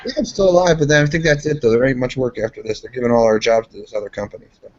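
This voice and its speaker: A man's voice: medium pitch, fairly even intonation, rapid-fire. A man chatting casually as a guest, telling rambling work stories full of swearing. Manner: profane, rambling storyteller. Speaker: guest, steel mill worker. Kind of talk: casual chat. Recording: dull lo-fi podcast audio.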